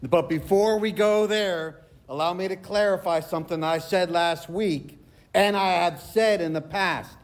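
A high-pitched male pastor delivers a sermon. He reads long scripture passages, slowing down to stress key phrases. His voice sits well above most men's. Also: steady tone. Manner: preaching, quotes scripture at length with slow emphatic phrases.

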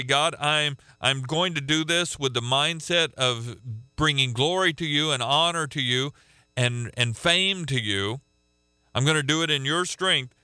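A man teaching a radio sermon, emphatic, repeating key phrases and slowing down to stress words. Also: medium pitch, pushed and bright, clear, resonant tone, dry recording.

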